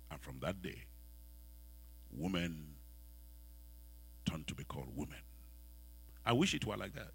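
A pastor with a West African accent preaches a sermon in a church, asking the congregation questions and swinging between soft, quiet lines and loud ones. His voice is rumbling low, husky and animated, with vocal fry, a measured pace and frequent pauses.

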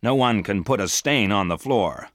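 Man playing a calm practical dad, lowish slow voice, dry sound. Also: dry recording. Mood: musing. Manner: low, measured, slow. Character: calm middle-aged father, practical.

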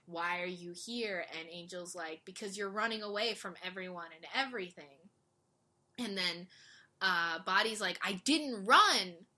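A woman casually recapping a drama series, animated and quick, acting out the characters' lines. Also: lowish voice. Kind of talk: casual chat.

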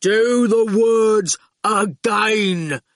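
A woman voicing a big, dim-witted male goon who speaks in slow, clipped bursts. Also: mid-range voice, no room sound, studio quality, voice pushed up. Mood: blunt. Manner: slow, flat, clipped speech.

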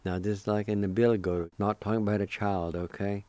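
A patient man hosts a radio language lesson, sounding out syllables one at a time at an unhurried pace. His voice sits low and warm. The studio sound is close and dry. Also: level tone, no echo. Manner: spells letters one by one and repeats syllables deliberately. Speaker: radio host teaching Cherokee words. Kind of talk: slow, careful language lesson.

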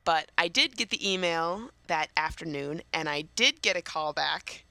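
A young woman co-hosting a casual chat show, talkative and quick to laugh, often restarting her sentences. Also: deep voice, animated, creaky, bright, forceful tone, no room sound. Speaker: co-host.

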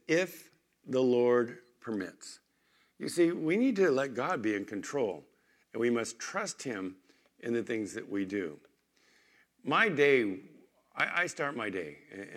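A pastor delivers a sermon in a church, his medium-pitched voice conversational as he shifts from emphatic points to quiet storytelling.

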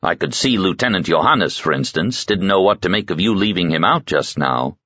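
Man reading a commanding lord investigator, brisk and wry, very deep voice, dry dull audiobook sound. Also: lively intonation, bright, forceful tone, no echo, heavily acted. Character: driven, brusque male lord investigator.

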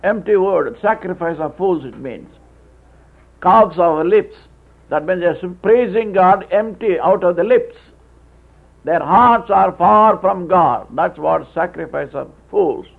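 A man preaching a sermon, with halting restarts, telling stories and acting out voices. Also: sits high, animated. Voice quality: gravelly, husky. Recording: tinny phone-like old tape.

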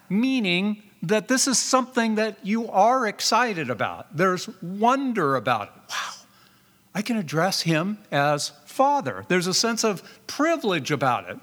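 A man's voice: sits high, a bit bright. A male pastor preaching a sermon, posing rhetorical questions, repeating key words for emphasis and reading scripture aloud. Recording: reverberant church hall.

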